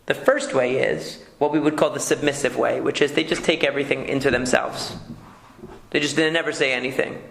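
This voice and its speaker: A man's voice: mid-range voice, steady tone, fairly quick, vocal fry, a bit bright, a little hiss or hum. A man, a rabbi, giving a conversational lecture and checking in with "okay?" as he teaches. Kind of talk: lecture on marriage communication. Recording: echoey room.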